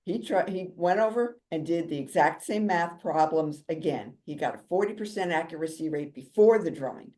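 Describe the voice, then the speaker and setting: A woman giving a motivational talk as a drum therapist and speaker, chatty and jokey, with a calming, soothing voice. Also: on the low side, moderate pace, few pauses.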